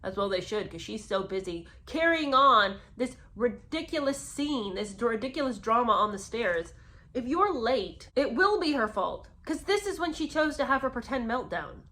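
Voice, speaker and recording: A woman's voice: fairly high pitch, sing-song, normal speed, pushed and bright. A woman giving sarcastic, incredulous commentary while reading from a memoir. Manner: scornful, incredulous, emphatic.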